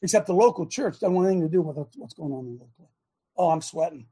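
A middle-aged man hosting a talk show, delivering a sarcastic, impassioned rant in a preaching style, swinging between shouting and muttering. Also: on the high side, lively intonation, fast talker, breathy edge. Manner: sarcastic, mocking.

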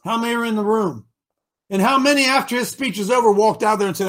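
Male talk host, high husky voice, rousing preacher-like delivery. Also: animated, fairly quick, fairly bright tone. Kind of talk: fiery live talk show.

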